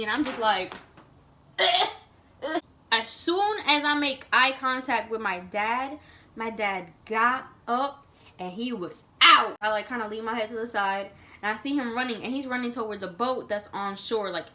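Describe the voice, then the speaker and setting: A woman tells a wild personal story straight to camera, animated and dramatic, with filler "like" at every turn. Her voice sits on the high side and rings bright and forceful. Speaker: vlogger.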